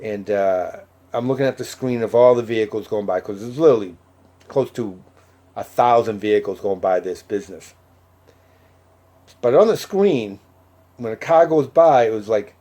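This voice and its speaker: A man's voice: on the low side, moderate pace, long pauses, warm tone. A man telling a personal story in a casual, conversational way, acting out the other people's words with lots of fillers. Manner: conversational, many fillers and quoted dialogue. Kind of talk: casual anecdote.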